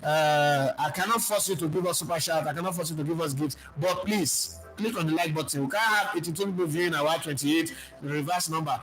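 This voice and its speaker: Young Nigerian-accented man, high voice, football live-stream host, emphatic and argumentative. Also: fairly quick, a bit bright, faint music behind, rough recording. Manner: emphatic, argumentative, slips into pidgin. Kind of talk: live-stream football talk and comment reading.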